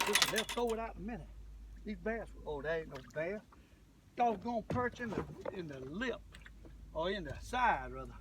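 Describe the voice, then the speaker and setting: A man giving folksy, excitable running commentary to the camera while fishing from a boat on a lake. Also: high-pitched, normal speed, far from the mic, heavy background noise. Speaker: fishing vlogger.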